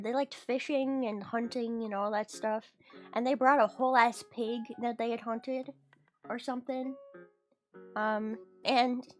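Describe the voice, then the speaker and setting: A woman streamer chatting casually with her viewers, rambling and giggly. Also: a little high. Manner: rambling, giggly, talks to chat. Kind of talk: casual livestream chat.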